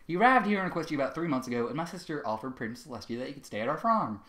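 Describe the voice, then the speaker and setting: A man's voice: mid-range voice, lively intonation, very fast, sharp tone, roomy sound. A man voicing a young, earnest filly who scolds her uncle and nervously covers for him. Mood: anxious. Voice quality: pleading, nervous.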